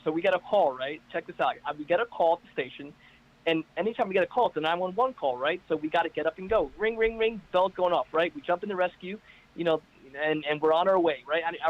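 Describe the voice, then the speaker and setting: A man with a high voice tells stories with plenty of energy and pushes each punchline hard. His voice comes over a video call, and the audio sounds muffled and lo-fi. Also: a little hiss or hum. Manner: energetic, hyped-up storyteller. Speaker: caller guest. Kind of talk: casual chat on a video call. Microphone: internet call.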